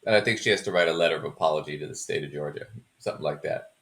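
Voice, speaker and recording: A man's voice: rumbling low, racing, a bit bright. A man hosting a podcast in a casual, joking chat, laughing often as he talks. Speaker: podcast host.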